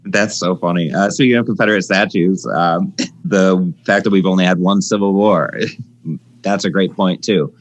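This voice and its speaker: A man's voice: low-pitched, fairly even intonation, normal speed. A man co-hosting a comedy podcast, laid-back, adding dry punchlines to the others' jokes. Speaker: podcast co-host. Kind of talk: casual comedic banter.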